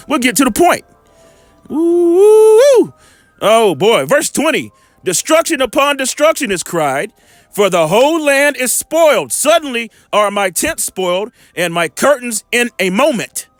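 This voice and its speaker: A man's voice: high voice, a bit bright, dry recording. A man giving an informal scripture lesson in a rambling way, often checking in with his listeners and making blunt, profane asides. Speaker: bible teacher. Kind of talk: informal scripture teaching and commentary.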